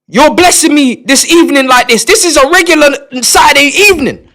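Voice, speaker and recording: A man, chatting live on stream to his viewers, excitable, repeating and stumbling over words, sometimes shouting. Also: a little fast. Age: 20s. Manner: shouts in bursts, then drops to low mutters. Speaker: livestreamer.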